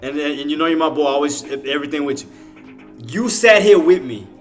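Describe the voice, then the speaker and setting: A man's voice: a little high, lively intonation, brisk, soft background music. A man giving live commentary on his trading, exasperated, swearing and talking straight to his chat viewers. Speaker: day trader streaming to viewers.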